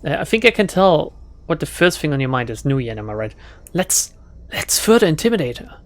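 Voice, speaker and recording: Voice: medium pitch, big pitch swings, a little fast. Joking, swearing let's-play streamer. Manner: joking, swears, laughs at itself. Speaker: gaming YouTuber. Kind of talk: casual let's-play commentary.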